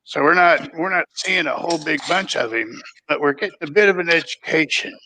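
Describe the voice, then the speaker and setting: A man's voice: on the high side, fairly quick, pushed and bright, slight background noise, low-quality recording. A man in a loose, folksy casual book chat, rambling and restarting his sentences. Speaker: podcast co-host.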